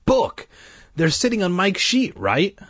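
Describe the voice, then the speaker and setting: A man's voice: high voice, wildly swooping pitch, a little slow, fairly bright tone, no room sound, studio quality, voice pushed up, exaggerated voice. A man reading aloud and voicing the story's earnest, level-headed boy narrator. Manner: earnest, firm.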